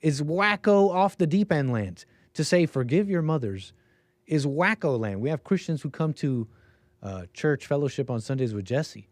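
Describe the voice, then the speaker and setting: A man hosting a livestream, reacting to a debate clip in a chatty, animated way. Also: fairly high pitch, normal speed, dry recording. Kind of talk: casual reaction commentary.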